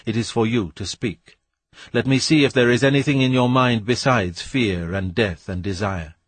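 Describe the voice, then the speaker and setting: A man voicing an ancient, commanding spirit, speaking slowly and solemnly. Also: mid-range voice, no room sound, natural voice. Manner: slow, solemn, measured.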